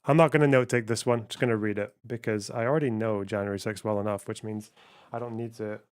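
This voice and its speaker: A man's voice: on the low side, fairly even intonation, quick pace, a little mellow, clean tone, no room sound, clean studio sound. A man hosting a live stream, chatting casually and muttering offhand remarks as he reacts to clips. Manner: offhand, chuckling, muttering to himself.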